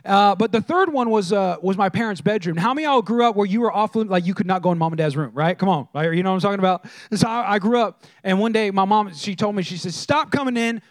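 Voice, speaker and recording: High-voiced animated preacher man. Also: quick pace, hardly any pauses, no room sound, studio quality. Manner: animated, engages the crowd with questions. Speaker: pastor. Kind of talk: humorous storytelling sermon.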